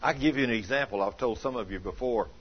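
A man pastor giving a folksy, story-filled sermon, animated and acting out the people he quotes, now and then breaking into a shout. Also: mid-range voice, fast, slightly rough. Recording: dull lo-fi recording.

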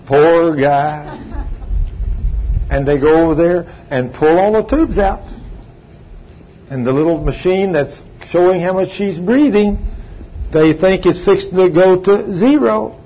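Older male preacher, high-voiced, emphatic storytelling, slightly muffled recording. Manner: storytelling with emphatic, drawn-out phrases. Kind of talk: sermon testimony. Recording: slightly dull sound, faint background hum.

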